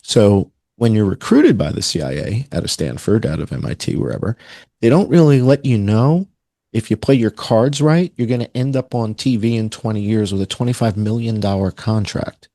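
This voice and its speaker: Sarcastic man with a gravelly voice. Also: lowish voice, expressive, moderate pace, warm tone, no echo. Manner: sarcastic, rambling, mocking asides. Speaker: podcast guest. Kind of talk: casual conspiratorial chat.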